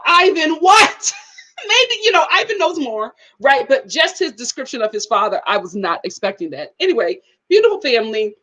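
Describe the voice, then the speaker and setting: Lively woman vlogger with a high, swooping voice who laughs a lot and acts out quotes. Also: rough recording. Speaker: vlogger reviewing a reality show. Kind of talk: casual chat.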